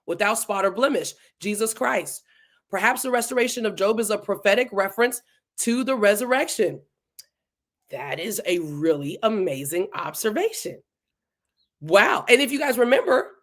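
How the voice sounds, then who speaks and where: A woman teaching a verse-by-verse Bible study in a casual, animated way, acting out the lines of the people in the passage. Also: a little high. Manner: casual, animated, acts out dialogue between speakers.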